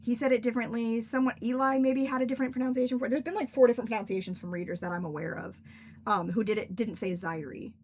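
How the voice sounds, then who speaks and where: A young woman, an author and streamer, rambles casually on a livestream and laughs often. Her fairly high voice runs fast with fairly even intonation and a slightly mellow tone, over a little hiss or hum.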